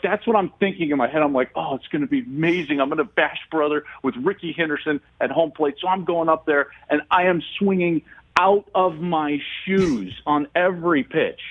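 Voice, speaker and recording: A man, a guest sports analyst, telling a story in an animated way and laughing as he goes. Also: a little high, breathy edge, narrow, tinny audio. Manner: laughs through his story.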